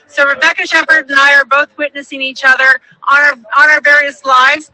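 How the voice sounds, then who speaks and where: Very high, bright-voiced man livestreaming. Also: little pitch movement, a little fast, low-quality recording. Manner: flustered, apologizing mid-stream. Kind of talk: livestream from a phone.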